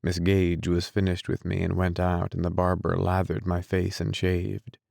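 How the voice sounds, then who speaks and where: A man narrating a classic novel as an audiobook, in a measured, deliberate reading style. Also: deep voice, monotone, creaky, a little mellow, no echo, studio quality. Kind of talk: scripted narration.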